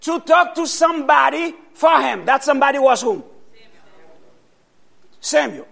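A man preaching a sermon, asking the congregation questions and answering them himself, with loud bursts of emphasis. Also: very high-pitched, expressive, unhurried, vocal fry.

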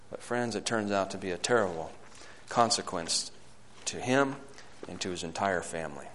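A male preacher delivering a sermon, swinging between loud, fervent climbs and hushed, low passages, and reading scripture aloud in old-fashioned wording. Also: moderate pace, slight background noise. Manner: reads scripture aloud in King James wording.

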